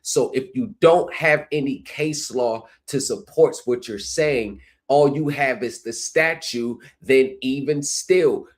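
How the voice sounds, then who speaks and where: A man's voice: mid-range voice, fairly bright tone. A man hosting a livestream, lecturing his viewers with repeated rhetorical phrases. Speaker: streaming commentary host. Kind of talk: livestream commentary.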